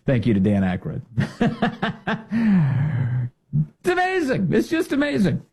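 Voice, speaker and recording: Sarcastic animated talk show host. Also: male voice, high-pitched, slow pace, slightly rough. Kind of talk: opinionated monologue.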